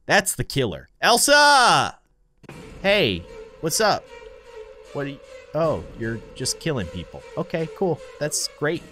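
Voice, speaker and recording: A man's voice: fairly high pitch, takes it slowly. Guy doing a game let's play, voice swoops way up and down, jokey, little music underneath. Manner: animated, jokey, shrieks and mock-deadpan asides. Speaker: gaming YouTuber.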